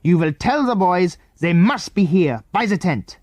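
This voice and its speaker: A man voicing a suspicious, menacing foreign enemy man who interrogates children in a storybook reading, slow and commanding. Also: sits high, lively intonation, darkish tone, dry recording, lo-fi sound, voice pushed up. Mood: stern. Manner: stern, commanding, slow and deliberate.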